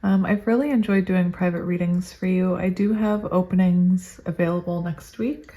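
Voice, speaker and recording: A woman's voice: fairly low pitch, fairly even intonation, normal speed, warm tone, highs cut off. A woman giving a casual tarot reading to her viewers, chatty and gushing, thinking aloud as she goes. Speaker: tarot reader.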